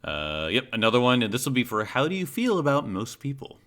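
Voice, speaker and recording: A man's voice: mid-range voice, huge pitch swings, fairly quick, a bit bright. A man running a tabletop role-playing game as game master, talking with many fillers and restarts. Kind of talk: guiding character creation in a tabletop game.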